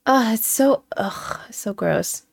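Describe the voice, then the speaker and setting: A woman's voice: fairly high pitch, expressive, slow pace, creaky, breathy edge, dry recording, in a whisper, studio quality. A woman telling funny family stories in casual chat, laughing often, swearing freely and acting out the voices she quotes.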